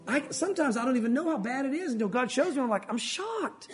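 A man's voice: extremely high pitch, sing-song, fast, hardly any pauses, soft background music. A pastor, preaching a sermon in an earnest, conversational way and talking straight to his congregation.

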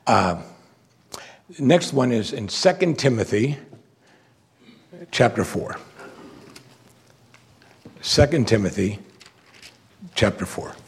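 A man preaching a sermon, moving between quiet, reflective asides and loud, emphatic declarations. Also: lowish voice, animated, slow, long pauses, husky. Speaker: pastor.

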